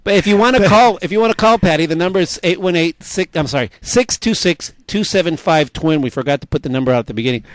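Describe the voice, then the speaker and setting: A man's voice: a little high, fast, few pauses, slight background noise. A man co-hosting a casual radio talk show, laughing often and restarting his sentences.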